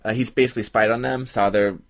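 A man's voice: fairly low pitch, steady tone, quick pace. Laughing man reading history notes. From Irish heritage. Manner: laughs often, reads history notes aloud. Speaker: podcast co-host. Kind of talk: casual chat.

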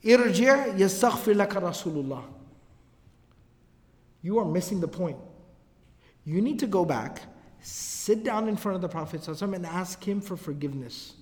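A man giving a casual religious lecture, telling the story in an animated way with slangy asides. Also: high-pitched, fast talker. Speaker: religious teacher. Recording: long hall reverb.

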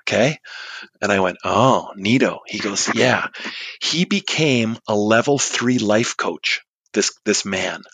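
A man in his forties telling an anecdote, chatty and animated, acting out the people he quotes. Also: on the low side, measured pace, no room sound. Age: 40s. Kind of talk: storytelling monologue.

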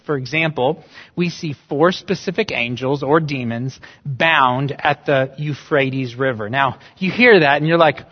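A man's voice: medium pitch, measured pace. A male pastor preaching a sermon, emphatic and full of rhetorical questions. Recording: dull sound with long reverb in a church hall.

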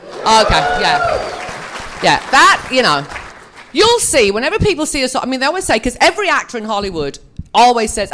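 A woman's voice: high voice, wildly swooping pitch, moderate pace, a bit bright, a faint crowd, a little hiss or hum. A woman telling chatty, self-mocking stories to a live audience as a guest on a convention panel. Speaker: actress speaking at a fan convention panel. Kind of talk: anecdotal storytelling to a live audience.

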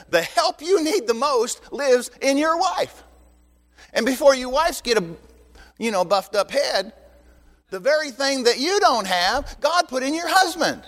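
Older male pastor, high-pitched, animated teaching sermon in a reverberant hall. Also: a little slow. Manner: animated, joking asides to the congregation. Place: church sanctuary. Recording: long reverb in a church hall.

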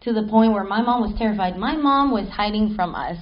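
Animated woman telling a spooky story. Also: mid-range voice, brisk, dull audio. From Mexico City. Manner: animated, laughing, swears casually. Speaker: panel guest. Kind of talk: live panel storytelling. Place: stage at a film festival panel.

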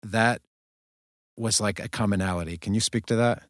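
A man chatty host, low voice. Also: normal speed, no echo, clean studio sound. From United States. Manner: friendly, chatty, animated storytelling. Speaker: podcast host. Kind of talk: casual interview over video chat. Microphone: video call.

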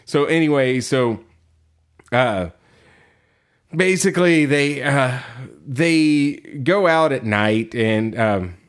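A man's voice: medium pitch, lively intonation, takes it slowly, long pauses, clear, resonant tone. A man co-hosting a podcast, recapping a story in casual chat, rambling with many fillers, laughing and acting out quotes. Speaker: podcast co-host.

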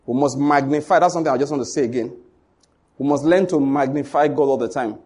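Husky, emphatic preacher man. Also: fairly high pitch, a little fast, a little mellow. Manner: emphatic, repetitive, asks the congregation questions. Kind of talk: sermon.

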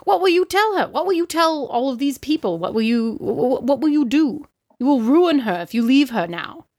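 Woman as a formal, flustered Regency gent, slightly high voice, tabletop game. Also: animated, normal speed, darkish tone. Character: young male Regency gentleman, earnest, flustered friend.

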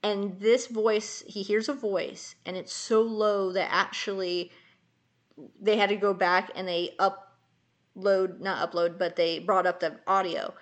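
A woman co-hosting a casual chat, retelling a story in a rambling way full of fillers. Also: medium pitch. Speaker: podcast co-host.

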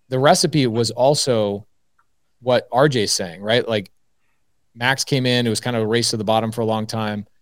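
Man, guest panelist, animated storyteller, mid-range voice, dry close sound. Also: medium pitch, no echo. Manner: animated, storytelling, quotes himself. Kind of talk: casual debate talk.

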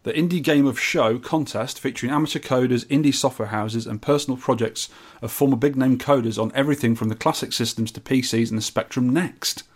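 A man co-hosting a podcast, talking in a rambling, jokey way. His voice sits at an ordinary middle pitch. He mixes loose chat with reading out news items. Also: a little fast, husky. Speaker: podcast co-host.

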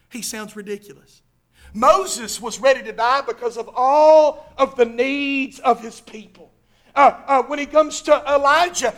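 High, bright-voiced preacher. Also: male voice. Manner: animated, acts out Bible quotes in character. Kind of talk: sermon.

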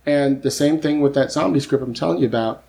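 Lively storytelling male screenwriter. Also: medium pitch, brisk, vocal fry. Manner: lively storyteller who acts out quoted voices; keeps asking "you know what I mean?". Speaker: screenwriter and podcast guest. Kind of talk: casual podcast conversation.

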